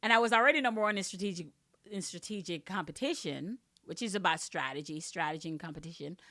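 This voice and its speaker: A woman with a different first language hosts her podcast in a very dry, close sound. She talks in an excitable, heartfelt way, often laughing, and her voice shoots up high whenever she gets thrilled. Between those bursts she speaks with grateful, faith-filled repetition. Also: quick pace, dry recording. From another country. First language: another language. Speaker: podcast host and author. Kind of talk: emotional personal podcast talk.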